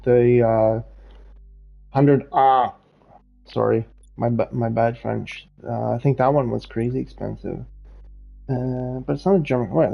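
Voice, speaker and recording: A medium-pitched man with noticeable vocal fry streams a racing game, laughing often and rambling to his viewers in chat. It's casual live gameplay commentary captured in dull, lo-fi stream audio.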